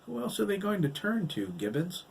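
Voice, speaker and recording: A man's voice: high-pitched, huge pitch swings, normal speed, creaky, slight background noise, voice pushed up, full character voice. A man reading the part of a wry, anxious woman in an audiobook.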